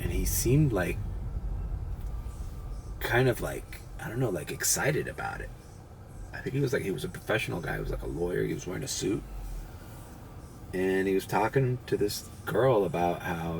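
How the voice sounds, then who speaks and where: A man's voice: low voice, sing-song, normal speed, vocal fry, long pauses. A man vlogging casually while driving rideshare, rambling and swearing freely. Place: inside a car on city streets. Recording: noisy car cabin. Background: car and road noise.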